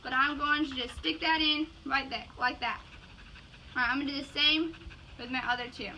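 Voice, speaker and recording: A woman's voice: high voice, fairly even intonation, a little fast, bright, forceful tone. A bubbly young woman with a Southern accent, teaching floral design in a casual video lesson. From Georgia. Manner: bubbly, enthusiastic, exclaims often. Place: outdoors in yards, then indoors at a table. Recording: dull lo-fi sound with outdoor noise.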